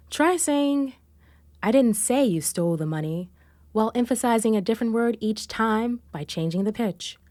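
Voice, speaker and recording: A woman hosting a podcast, presenting a vocal exercise in a clear, instructive way. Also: a little high, no room sound. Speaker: podcast host. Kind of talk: scripted presenting.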